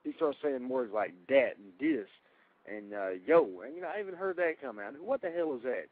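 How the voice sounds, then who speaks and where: A man's voice: mid-range voice, expressive, fast talker. Blunt Southern man on talk radio. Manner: blunt, indignant. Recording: tinny phone-like radio audio.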